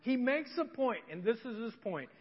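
A man's voice: very high voice, sing-song, moderate pace, breathy edge. A male pastor preaching a sermon in a church, telling stories animatedly and acting out scenes. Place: church sanctuary. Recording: dull recording with long church reverb.

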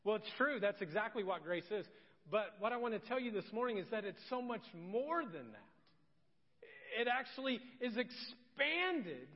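Pastor, male, earnest emphatic preacher, high-ish voice, long hall reverb. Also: animated, unhurried. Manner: earnest, emphatic, repeats key phrases. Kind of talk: sermon. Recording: dull sound with long church-hall reverb.

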